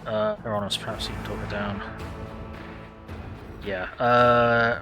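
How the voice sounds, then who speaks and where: A man casually commenting while playing a video game, reading its text aloud and reacting loudly to his dice results. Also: lowish voice, flat delivery, a little slow, pauses often, music in the background. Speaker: gaming video host.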